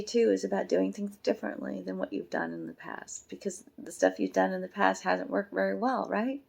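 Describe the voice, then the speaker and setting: A woman's voice: mid-range voice, vocal fry. A woman reading tarot cards for her viewers in a casual, rambling, affectionate way, teary and emotional. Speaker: tarot card reader.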